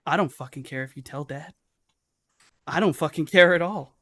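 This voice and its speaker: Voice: medium pitch, moderate pace, fairly bright tone, no room sound, clean studio sound, lightly acted. A game master voicing a cold, cruel man who mocks his brother in a sober, unslurred tone.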